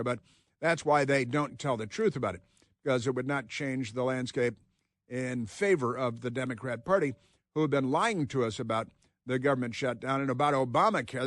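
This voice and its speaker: A man hosting a talk radio show, delivering combative, sarcastic commentary with frequent halting restarts. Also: medium pitch, dry recording, studio quality.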